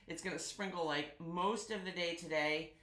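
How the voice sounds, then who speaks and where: A woman's voice: lowish voice, steady tone, normal speed, a bit bright. A woman hosting a live sewing stream, chatting casually and greeting viewers by name, sounding congested. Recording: echoey room.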